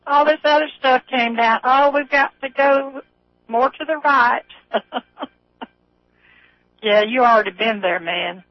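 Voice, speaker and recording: A woman calls in to a radio show on a dull, dry phone line. She speaks very slowly in an easy drawl and breaks into laughter often. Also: sits high, no room sound. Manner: slow, drawling, laughs a lot. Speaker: caller. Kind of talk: call-in radio chat.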